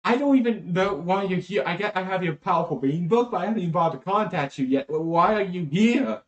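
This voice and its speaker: A man's voice: sits high, steady tone, slow, roomy sound, pitched above the performer's own voice. A man voicing a confused young man who pleads politely in a tabletop game. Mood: flustered. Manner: pleading, flustered.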